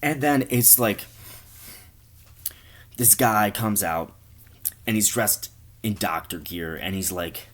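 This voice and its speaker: A man's voice: fairly low pitch, slow pace, pauses often, fairly bright tone. A man telling a rambling, profane comic story in a casual way. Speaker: comedian.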